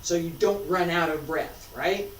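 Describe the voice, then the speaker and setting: A woman teaching a martial arts class, calmly coaching breath and movement and repeating cues. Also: on the low side, measured pace. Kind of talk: class instruction while practicing. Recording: roomy, from a distance with faint noise.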